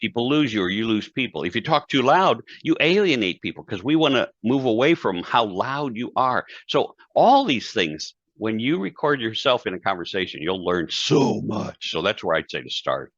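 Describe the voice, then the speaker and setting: Low male guest, lively storyteller, dry dull lo-fi sound. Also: normal speed, hardly any pauses, dry recording. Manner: animated storyteller acting out quoted dialogue. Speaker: guest speaker and author. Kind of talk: conversational interview talk.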